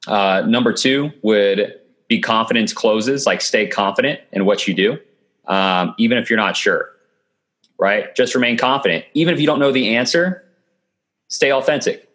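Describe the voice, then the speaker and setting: A man with a fairly low voice speaks over a remote call. He coaches with calm confidence and often checks in with his listener. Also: normal speed. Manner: confident, coaching tone with frequent "okay" and "right". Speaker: guest. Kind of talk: remote podcast interview. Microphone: video call.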